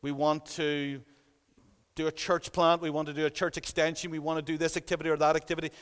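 Emphatic high-voiced man preaching in a hall. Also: level tone, fast, fairly bright tone, clear, resonant tone. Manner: earnest, emphatic, repeats phrases for weight. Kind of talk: sermon. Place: church.

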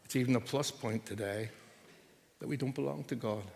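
An older man preaching a sermon, earnest and building at times to loud, forceful emphasis. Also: mid-range voice, a little fast, creaky, long reverb tail, slight background noise.

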